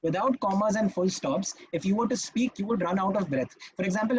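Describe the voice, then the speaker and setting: A man with a high-sitting voice teaches public speaking in a live online masterclass, speaking briskly with few pauses. The lo-fi video call audio carries his emphatic, instructive delivery as he keeps checking in with "Okay?"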